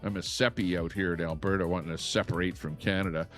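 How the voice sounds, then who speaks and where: Middle-aged man, casual live host; rambling, ranty delivery, low-ish voice. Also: steady tone, fast, soft background music. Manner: rambling, ranting, full of filler words. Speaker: livestream host. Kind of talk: casual live-stream talk. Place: lakeside home, Alberta.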